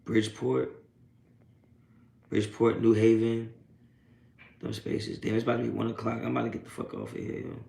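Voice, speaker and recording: Gravelly and mellow, this sports talk host's medium-pitched voice barely moves in pitch, keeps a normal speed, and pauses often in an echoey room. On his live post-game stream he reads chat, taunts trolls, and laughs them off with profane street slang.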